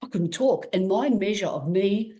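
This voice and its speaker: A woman's voice: medium pitch, normal speed. A woman from Australia, a guest athlete in an interview, telling her story candidly, acting out quoted dialogue with lots of restarts. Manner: animated, acts out quoted dialogue, frequent restarts.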